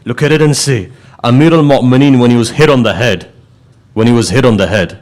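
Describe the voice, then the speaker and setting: A man preaching a sermon as a story, his delivery emotional and moving between animated passages and hushed, grieving ones. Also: medium pitch, fairly quick.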